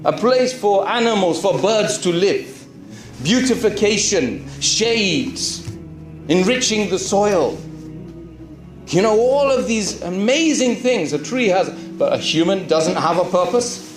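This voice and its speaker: Animated man telling his story. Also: sits high, slow pace, echoey room, music in the background. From Britain. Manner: animated, with rhetorical questions. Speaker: Muslim preacher. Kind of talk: storytelling talk to a live audience.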